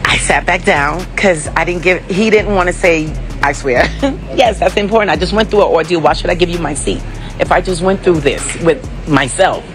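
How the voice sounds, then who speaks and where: A woman's voice: fairly low pitch, moderate pace, music in the background. A woman passenger filming herself on her phone, upset and teary, talking in a frustrated, confrontational, rambling way. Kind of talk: casual phone vlog.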